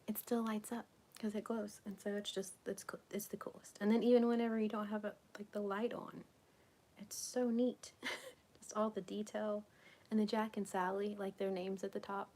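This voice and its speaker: A woman chats on a live crafting stream, rambling from one thought to the next. Her voice has a gravelly fry, sits at an average pitch for a woman, and often drops into a whisper. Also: darkish tone. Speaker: crafting vlogger. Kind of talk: casual live-stream chat while crafting.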